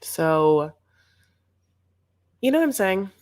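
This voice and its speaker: A woman's voice: medium pitch, big pitch swings, slow, darkish tone. A young woman co-hosting a TV recap show, chatting casually in a sarcastic, rambling way. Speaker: co-host of a reality TV recap show. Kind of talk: casual chat.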